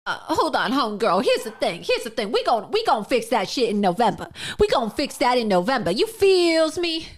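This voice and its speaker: A woman's voice: a little high, big pitch swings, normal speed. A woman putting on a mocking impression of a woman politician, with an exaggerated drawl and stretched-out slangy catchphrases. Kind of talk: satirical impression.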